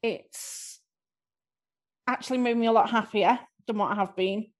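A woman's voice: on the high side, fairly even intonation, unhurried. A woman with a Scouse accent, an improv performer answering interview questions in a chatty, self-deprecating way.

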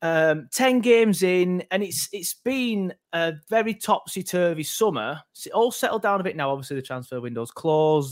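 Chatty man hosting a football podcast. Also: a little high. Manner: chatty and jokey, rambling with restarts. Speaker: podcast host. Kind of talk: casual football podcast chat.

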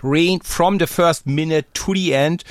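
A man and former pro cyclist chatting casually on a podcast, telling stories with animated flair and acting out the people he quotes. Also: on the high side, a little slow, dry recording. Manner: animated storyteller, acts out quoted speech. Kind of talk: casual podcast chat, storytelling.

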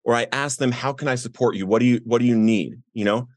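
A middle-aged man earnestly telling his personal recovery story as a podcast guest, voicing the people in it with raised pitch. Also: quick pace, a little mellow, no room sound, clean studio sound. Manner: earnest, acts out quoted voices with rising pitch.

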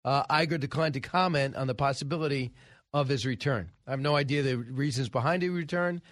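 A man's voice: medium pitch, fairly quick, a bit bright. A man hosting a talk radio show, giving emphatic, scoffing political commentary into a studio microphone. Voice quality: emphatic, scoffing, frequent uh fillers.

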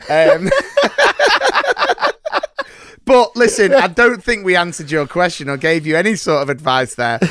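A man's voice: fairly high pitch, measured pace, pauses often, fairly bright tone, no echo, studio quality. A middle-aged man hosting a podcast, jokey and upbeat, with a presenter's delivery. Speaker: podcast host. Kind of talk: casual chat, show hosting.

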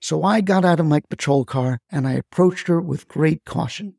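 Gravelly wry male storyteller. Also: on the high side, normal speed, hardly any pauses, a little mellow, no echo, clean studio sound. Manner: wry, folksy asides. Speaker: storyteller, the grandson. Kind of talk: scripted narration.

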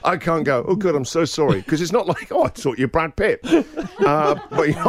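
A middle-aged English man hosts morning radio, his pitch leaping up and down as he works through a cringe-worthy tale. His voice sits a little high for a man, and he laughs through his own story. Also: very animated, a little fast. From England. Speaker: radio show host. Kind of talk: breakfast radio chat.

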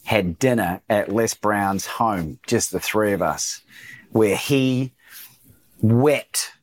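A man's voice: fairly low pitch, takes it slowly. An Australian man, a coach, telling a personal story as a guest in a podcast interview and acting out the lines of others. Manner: animated storyteller, acts out quoted dialogue.

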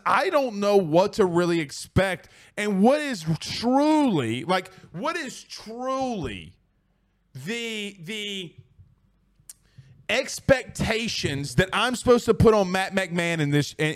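A man with a high-pitched voice hosts a casual sports talk show on a studio mic. He reads out listener comments in an excitable, rambling way, laughing often and restarting his sentences. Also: takes it slowly.

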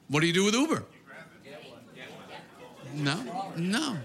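High-voiced man doing stand-up. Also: moderate pace, pauses often. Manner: animated, incredulous, exaggerated repetitions. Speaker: stand-up comedian. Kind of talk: stand-up routine. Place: theater stage before a live audience. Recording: live stage recording with crowd and noise.

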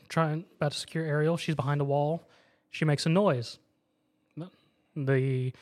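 A man casually recapping an anime episode, acting out the characters' lines as he goes. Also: fairly high pitch. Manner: animated storytelling, acts out characters' lines. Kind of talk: casual chat.

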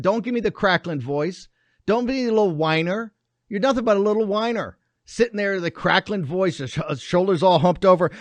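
High-pitched man, fiery political host, ranting, dry close sound. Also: animated, normal speed, no room sound. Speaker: show host. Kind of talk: combative political commentary.

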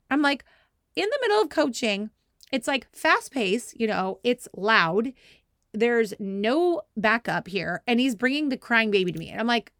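Female podcast host, 30s, chatty and self-deprecating, bursts into shouted quotes, dry close sound. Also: a little high, no echo. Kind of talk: casual storytelling.

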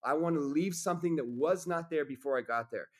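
A man's voice: on the high side, brisk. A man talking as a podcast guest in casual conversation, intense and preachy, swearing freely.

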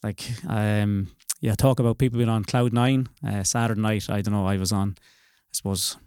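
A man's voice: lowish voice, steady tone, moderate pace, a little mellow, clear, resonant tone, dry recording, clean studio sound. An Irish man being interviewed on a podcast about winning a race, easygoing and modest, with frequent ums. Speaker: podcast guest, race winner. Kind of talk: casual interview.

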